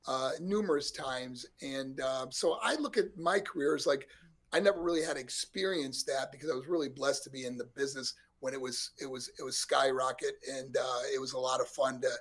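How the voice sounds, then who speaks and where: A brisk, mid-range voice belongs to this sixty-something former pro wrestler from New York, USA. As a guest in a laid-back storytelling interview, he's lively, laughs often, and imitates voices.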